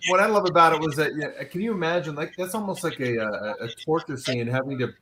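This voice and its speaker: Excited man reacting, crowd noise behind. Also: on the high side, quick pace. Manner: enthusiastic, laughing reactions. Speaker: co-host. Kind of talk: casual chat.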